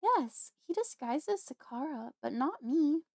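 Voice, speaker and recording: A woman putting on a small, scared girl's voice, high and pleading, always close to tears. She sounds haunted and fragile in this audiobook scene. The recording is dry and close, with no room sound. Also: big pitch swings, takes it slowly, no echo, full character voice. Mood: anxious. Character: young half-human girl, frightened and haunted.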